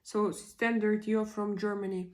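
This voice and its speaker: A Russian woman in her 40s hosts a casual livestream, reading viewer comments aloud as she searches for English words. Her mid-range voice is a little mellow with little pitch movement, and she speaks haltingly with many pauses.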